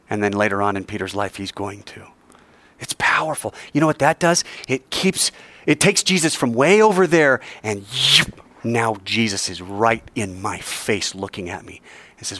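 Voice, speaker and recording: A man teaching a Bible class in a conversational way, asking rhetorical questions and dropping to hushed tones. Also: lowish voice, normal speed, no room sound.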